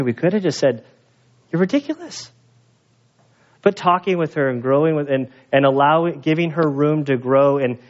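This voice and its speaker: A man preaching a sermon as pastor, telling stories in an animated way and acting out the voices of the people in them. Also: medium pitch, dull audio. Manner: animated storyteller, acts out quoted voices. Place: church.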